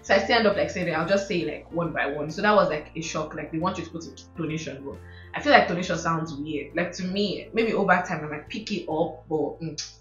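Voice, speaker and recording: Expressive woman telling stories. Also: sits low, brisk. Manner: expressive storyteller, mimics accents, laughs often. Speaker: guest, host's sister. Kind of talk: casual chat. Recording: roomy, dull sound with faint music.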